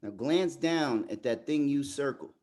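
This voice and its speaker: A man leading a motivational group coaching session over a video call, talking straight to the group as a lively storyteller. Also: medium pitch, a little slow. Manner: animated storyteller, addresses the group directly. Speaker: workshop facilitator.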